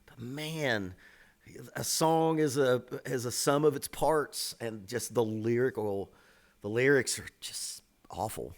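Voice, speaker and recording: A man, a drum teacher, giving casual, blunt reaction commentary on songs, swearing freely and stressing words with lively emphasis. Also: medium pitch, takes it slowly.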